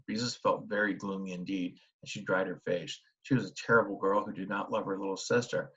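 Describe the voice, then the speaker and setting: Man reading a children's book aloud. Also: lowish voice. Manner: steady storytelling with small restarts. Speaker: audiobook narrator. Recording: dull lo-fi recording.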